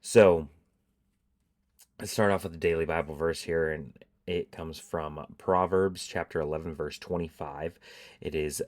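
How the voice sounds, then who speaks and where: A tired man hosting a casual faith podcast, reading scripture aloud in a relaxed, halting way with many fillers. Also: a bass voice. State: tired, yawning. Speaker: podcast host.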